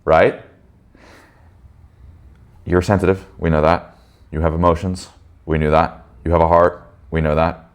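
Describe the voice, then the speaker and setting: A man's voice: low-pitched, level tone, unhurried, long pauses, clear, resonant tone. A man leading a men's group in a casual motivational talk, blunt and emphatic, swearing freely and checking in with listeners. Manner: addresses listeners with frequent "right?" tags.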